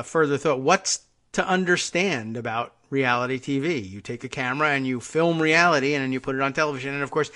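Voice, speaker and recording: A man's voice: fairly high pitch, pushed and bright. A man hosting a call-in talk show, rambling wryly through the news with restarts and asides. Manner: rambling, wry, stumbles over names and restarts. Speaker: podcast host. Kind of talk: casual talk show monologue.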